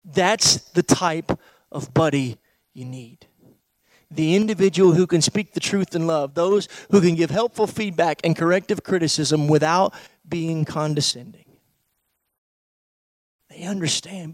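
High-voiced emphatic male pastor. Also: unhurried, no room sound. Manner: emphatic, rhetorical questions, swings loud and soft. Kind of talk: sermon.

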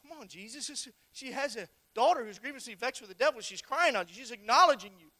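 A preacher giving a conversational sermon full of rhetorical questions, breaking into shouted emphasis. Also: medium pitch, lively intonation, a little fast, dry recording.

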